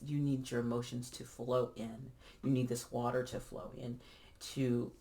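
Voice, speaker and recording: A tarot card reader giving a casual reading straight to viewers, chatty and encouraging, with frequent restarts and fillers. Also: medium pitch.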